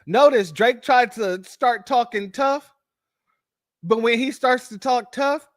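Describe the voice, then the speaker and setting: An American man hosting a live-stream commentary, sarcastic and animated, calling his viewers family. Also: extremely high pitch, slow, dry recording, studio quality. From United States.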